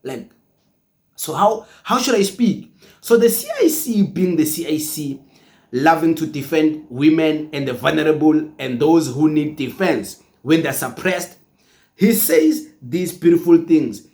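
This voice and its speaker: A South African man giving emphatic, animated political commentary, now and then mimicking others. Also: a little high, a little slow.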